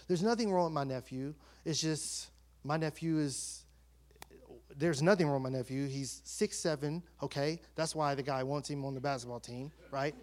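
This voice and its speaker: Middle-aged man, pastor preaching in a lively storytelling style, drops to near-whispers and rises to loud bursts. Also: fairly high pitch, normal speed. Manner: animated, swings from hushed asides to loud emotional outbursts. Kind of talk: storytelling sermon.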